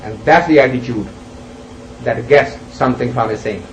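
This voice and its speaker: A man giving a spiritual discourse, an unhurried teacher who tells stories and puts rhetorical questions to his listeners. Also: medium pitch, a little hiss or hum. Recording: roomy, distant, dull lo-fi recording.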